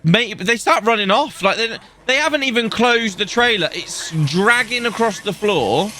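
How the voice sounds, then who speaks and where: A man's voice: sits high, moderate pace, slight background noise. A young man chatting casually on a podcast, telling stories with lots of swearing. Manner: sweary, animated storytelling. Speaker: podcast co-host. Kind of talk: casual chat.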